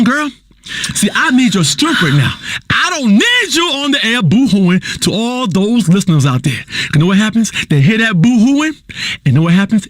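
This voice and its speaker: A volatile radio guru doctor for a game's talk station, preaching in a very high, bright voice that swoops all over the place. He rambles, hums and bursts into shouts without warning. The sound is dry and close. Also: no room sound. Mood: sentimental. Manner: rambling, humming, sudden shouting, wild swings. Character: erratic self-styled spiritual doctor, adult man, volatile and preachy. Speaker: radio health show host. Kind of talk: comedic talk radio acting.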